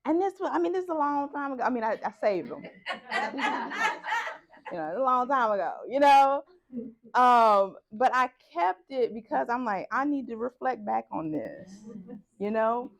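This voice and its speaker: A woman's voice: on the high side, unhurried, gravelly. A woman presenter sharing a personal story at a conference session, acting out the dialogue as she goes. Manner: animated storytelling, acts out dialogue.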